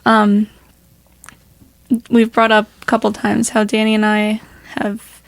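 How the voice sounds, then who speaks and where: A woman co-hosting a casual podcast, a little hoarse, chatty and laughing often as she rambles through stories. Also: mid-range voice, monotone, slow pace, dry recording. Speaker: podcast co-host. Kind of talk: casual chat.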